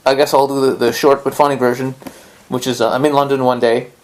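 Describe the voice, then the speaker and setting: Guy hosting a podcast, swearing a lot, telling a story all animated, pitch jumping around. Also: quick pace. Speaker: podcast host. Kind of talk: casual storytelling chat.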